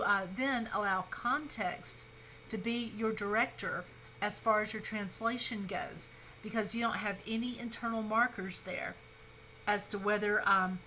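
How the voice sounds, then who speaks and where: A woman instructor talks through a recorded grammar lesson in a bright, clear voice. She is patient and reassuring and pauses on fillers and quick self-corrections. A faint room hum sits behind her. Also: on the high side, poor audio. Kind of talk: recorded lecture.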